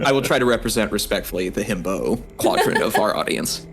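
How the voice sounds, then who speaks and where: A man's voice: fairly low pitch, expressive, fairly quick, a loud crowd. A man playfully introducing his tabletop game character in casual chat. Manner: playful, joking. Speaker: player.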